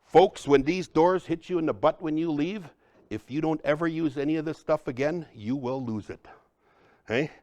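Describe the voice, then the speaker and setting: A man giving a lively, joking workshop talk on cultural practice, often calling his audience folks. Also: a little high, normal speed, dry recording. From Upper Midwest, United States. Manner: energetic, joking, addresses the crowd as folks. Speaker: cultural trainer.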